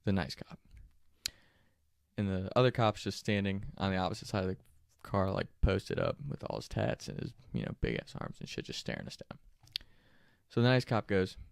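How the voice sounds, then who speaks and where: A young man casually telling a funny, profane story, animated and laughing often. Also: on the low side, vocal fry, clean tone, dry recording, studio quality.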